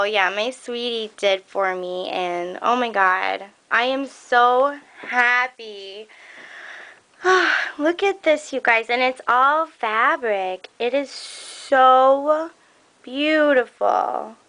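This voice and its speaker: A young woman excitedly unboxing craft gifts for her viewers, gushing, gasping and laughing as she talks. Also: fairly high pitch, drawn-out words. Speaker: crafting vlogger opening a swap package. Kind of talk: casual unboxing chat.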